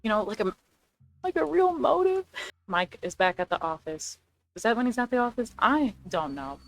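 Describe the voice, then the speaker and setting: A young woman chatting casually as a video creator, rambling and excitable, correcting herself as she pitches ideas. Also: fairly quick, faint music behind. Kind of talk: casual chat, movie rewrite ideas.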